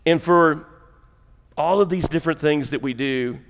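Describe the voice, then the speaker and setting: A male pastor with a Southern US accent preaching a sermon. He talks in a folksy, joking way and works up to loud, emphatic preaching. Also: on the high side, unhurried, long reverb tail. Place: church sanctuary.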